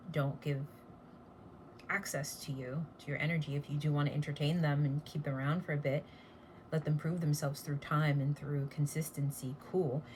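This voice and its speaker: A woman's voice: sits low, a little hiss or hum. A woman giving a casual tarot reading, blunt and chatty, with casual swearing. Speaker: tarot reader.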